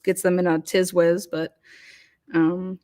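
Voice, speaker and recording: Woman chatting on a livestream, lowish voice, rambles w lots of ums. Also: level tone, slow pace, mellow. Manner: rambling, many fillers and restarts. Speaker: host. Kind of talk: casual livestream chat.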